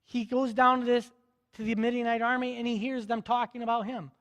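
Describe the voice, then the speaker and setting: High-voiced preacher in a reverberant hall. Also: male voice, level tone, a little fast, fairly bright tone. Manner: storytelling, voicing biblical characters in casual modern speech. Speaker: pastor. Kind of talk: sermon.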